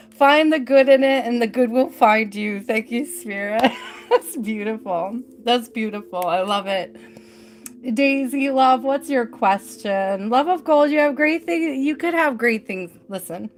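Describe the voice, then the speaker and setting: A middle-aged woman hosting a live tarot reading, chatting in an easygoing way with mild swearing. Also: on the high side. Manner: chatty, easygoing, mildly profane.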